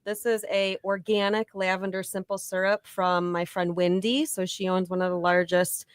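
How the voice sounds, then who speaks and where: A woman's voice: mid-range voice, little pitch movement, normal speed, smooth, dry recording. A woman making drinks as a podcast guest, bubbly and chatty. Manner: bubbly, laughs easily. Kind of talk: casual chat.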